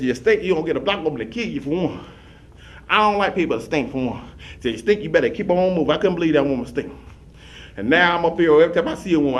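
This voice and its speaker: A man telling rambling comic stories in a rapid, run-on, repetitive way, animatedly acting out the scenes. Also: on the high side. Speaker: comic storyteller.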